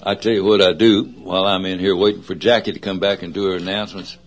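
A man's voice: sits low, little pitch movement, quick pace. A man with a Southern US accent hosting a radio show, talking in a casual, rambling way with many fillers and self-corrections. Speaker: radio host. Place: radio studio.

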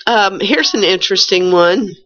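An older woman, hoarse from a cold, reading radio announcements with wry asides. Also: medium pitch, moderate pace, a bit bright. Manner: chatty, wry asides while reading notices. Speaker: radio host. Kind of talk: casual radio chat with announcements. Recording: muffled, lo-fi radio recording.

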